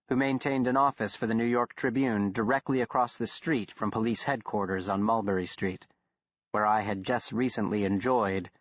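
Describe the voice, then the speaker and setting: A man narrating a horror audiobook in a steady, even storytelling manner. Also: lowish voice, no room sound. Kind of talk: scripted narration. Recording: dull, dry studio recording.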